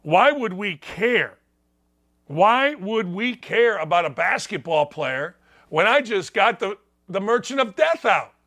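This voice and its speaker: A man's voice: high-pitched, sing-song, slow, bright, forceful tone, exaggerated voice. A man doing a scoffing Russian strongman. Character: dismissive Russian strongman leader, man, older.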